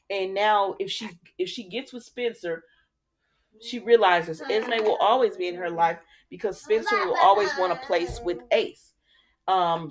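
A woman's voice: on the low side, slight background noise. A woman hosting a casual soap opera recap, chatty and opinionated, talking straight to her viewers. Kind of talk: casual chat recapping episodes.

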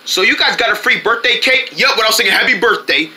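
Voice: medium pitch, fast talker, pushed and bright. Someone voicing Connie, a curious friend. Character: Connie, a curious friend who turns down cake.

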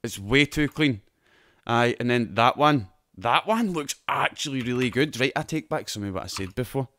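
With lively intonation and a pushed, bright medium-pitched voice, this Scottish man hosts a podcast at a moderate pace. He banters with friends about games and shows, laughing and swearing often, in a dry recording.

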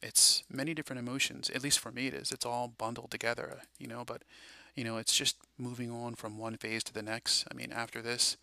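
A man talks through a loose, preachy monologue, eager and rambling, full of fillers. His voice is very bright and keen-edged. The sound is dry and close, as in a small room. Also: medium pitch, level tone, fairly quick, gravelly, no echo. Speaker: Christian prophecy video host. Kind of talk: casual monologue.

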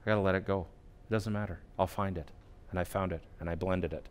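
A man in his forties, a pastor, telling a personal story in a sermon, acting out his own inner voice and swinging from quiet asides to loud outbursts. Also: low voice, steady tone, fast talker, slight background noise. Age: 40s. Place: church.

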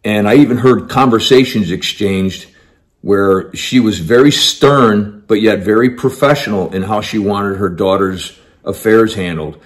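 A man's voice: fairly low pitch, a little slow. A man telling a personal story in an emphatic, conversational way.

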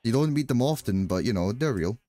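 Speaking fast and animated in a medium-pitched, dark-toned voice, this Scottish streamer with a Glasgow accent jokes around with viewers as he plays. His casual gaming chatter rambles, and he keeps starting sentences over.

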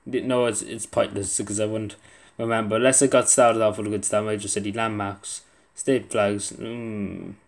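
A man's voice: fairly low pitch, flat delivery, moderate pace, vocal fry, few pauses. Muttering young man playing a quiz. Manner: muttering, self-deprecating, swearing under his breath. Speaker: gaming video creator. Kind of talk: casual gameplay commentary.

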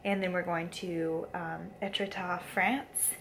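A woman's voice: fairly low pitch, flat delivery, slow pace, a bit bright, a little hiss or hum, low-quality recording. A young woman chatting casually in a video blog, talking with frequent fillers. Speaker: vlogger. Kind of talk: casual vlog chat.

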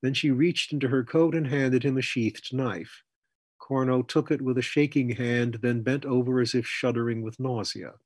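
A man narrating his story in a steady, even audiobook reading. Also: medium pitch, normal speed, slightly rough, dry recording.

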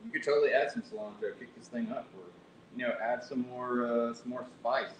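A man's voice: fairly even intonation, fairly quick. Casual man hosting a cooking demo. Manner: chatty, self-correcting, reads recipe aloud. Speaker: cooking show host. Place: library kitchen room. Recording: echoey kitchen with faint rumble.

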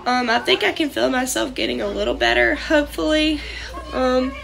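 A woman's voice: high-pitched, moderate pace, vocal fry, fairly bright tone. A young woman, sick and congested, rambling in a scattered way with many fillers in a casual vlog from her trailer. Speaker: vlogger. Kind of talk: casual talk to camera. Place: small trailer indoors.

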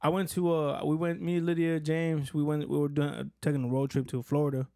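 A man's voice: a little high, level tone, fairly quick, creaky, mellow, no echo, studio quality. Casual man telling a road-trip story. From California. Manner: loose storytelling with many restarts. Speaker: podcast co-host. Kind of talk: casual chat.

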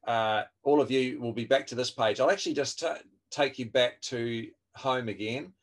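A man leads an online training session over a video call microphone. His pitch sits in an ordinary middle range. He talks in a friendly, chatty way, full of fillers, restarts and asides to the group. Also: normal speed. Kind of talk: online webinar teaching.

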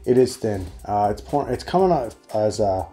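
Low, mellow man reviewing beer. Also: expressive, normal speed, faint music behind. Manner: rambling, chatty, with restarts. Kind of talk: casual solo beer review.

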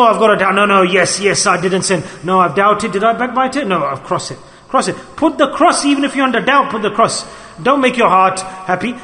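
A man's voice: sits high, pushed and bright. A man giving an earnest sermon as a Sufi sheikh, exhorting and questioning his listeners. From United Kingdom. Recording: echoey hall with long reverb.

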